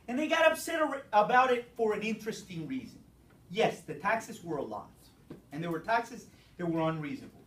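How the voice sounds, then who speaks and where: A teacher giving a brisk classroom lecture, explaining step by step and checking in with the students. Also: medium pitch, a bit bright, a little hiss or hum. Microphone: distant room mic. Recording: echoey classroom from far off.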